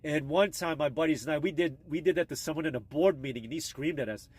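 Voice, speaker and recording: A man's voice: a little high, fast talker, breathy edge, no room sound. A man rambling casually and crudely on a live stream, talking into his phone. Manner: crude, meandering, offhand.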